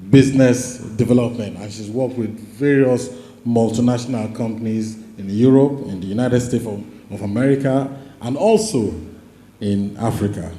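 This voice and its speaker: A man acting as master of ceremonies at a conference, introducing the next session in a slow, formal manner with pauses. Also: medium pitch, mellow. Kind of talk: formal event announcing. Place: large conference hall. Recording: echoey hall.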